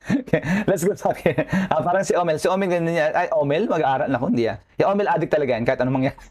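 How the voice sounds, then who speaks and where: A man's voice: on the high side, racing, darkish tone. A man with a Filipino accent giving a nursing lecture online, joking and chatty, and constantly checking in with his students. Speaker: nursing professor.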